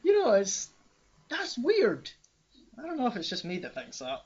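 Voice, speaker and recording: A man's voice: high-pitched, wildly swooping pitch, moderate pace, breathy edge. A man hosting a casual podcast, rambling and poking fun at himself. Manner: rambling, self-mocking. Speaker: podcast host. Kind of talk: casual chat. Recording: dull lo-fi sound.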